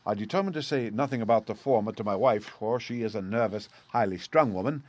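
A man reading a first-person story aloud at a measured, steady pace. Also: lowish voice, dry recording. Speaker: audiobook reader.

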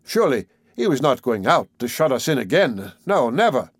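A man narrating a classic adventure story in the first person, measured and expressive. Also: medium pitch, slightly rough, dry recording, clean studio sound. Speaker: audiobook narrator.

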